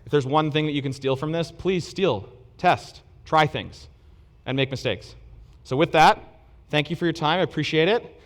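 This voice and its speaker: Male conference speaker, higher-pitched, casual and self-mocking, punchy emphasis. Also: moderate pace, a bit bright. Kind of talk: conference presentation. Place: conference hall stage.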